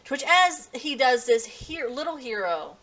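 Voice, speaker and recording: A woman's voice: high voice, very animated, measured pace, a bit bright. A woman casually reviewing an anime episode, rambling with lots of restarts and "you know" fillers.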